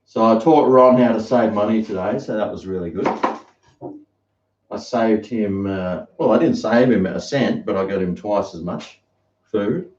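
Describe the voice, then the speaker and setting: A man's voice: fairly low pitch, a little slow, darkish tone. Rambling Australian man, roomy lo-fi chat. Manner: rambling, chatty storytelling. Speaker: live streamer. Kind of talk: casual live-stream chat. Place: home kitchen. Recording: roomy, dull lo-fi sound.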